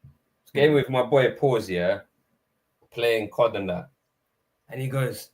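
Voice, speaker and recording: A man talking about football in a casual podcast chat, lively and full of slang, acting out his own reactions. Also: on the low side, moderate pace. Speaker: podcast panelist.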